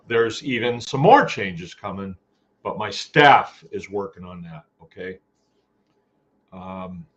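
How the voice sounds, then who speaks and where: A man hosts a homespun farming live chat in a low, unhurried voice, rambling along and greeting viewers by name. The sound is dull and lo-fi. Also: a bit bright. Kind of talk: casual live-stream chat. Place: home farm.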